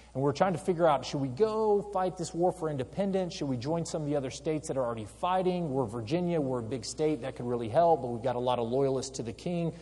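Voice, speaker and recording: Husky-voiced man lecturing in a hall. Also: medium pitch. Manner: energetic storyteller, asks the audience questions. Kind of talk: history lecture.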